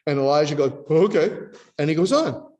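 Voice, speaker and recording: Expressive preacher in a reverberant hall. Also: male voice, a little high, unhurried, dull audio. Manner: teaching tone, quotes scripture and acts out voices. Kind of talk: sermon.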